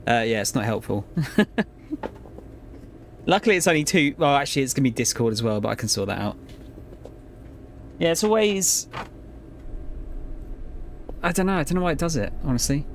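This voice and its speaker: This gamer talks to his live-stream audience in a medium-pitched voice whose pitch swings widely, speaking at a normal speed and pausing often. He's relaxed and rambling, with plenty of swearing and laughter, and there's a slight hiss or hum in the background.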